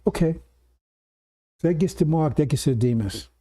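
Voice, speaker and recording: Male preacher, slightly high, very mellow dark tone; teaching sermon, keeps checking in with his listeners. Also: moderate pace. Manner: explanatory, keeps checking in with "see?" and "right?". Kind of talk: sermon lecture to congregation.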